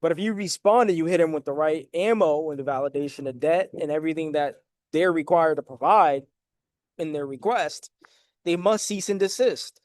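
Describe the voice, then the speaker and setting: A man's voice: on the high side, moderate pace, dry recording, studio quality. Emphatic man explaining debt documents. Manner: direct, emphatic, addresses viewers as guys with frequent "right?". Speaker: credit and debt educator. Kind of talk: casual explanatory talk over documents.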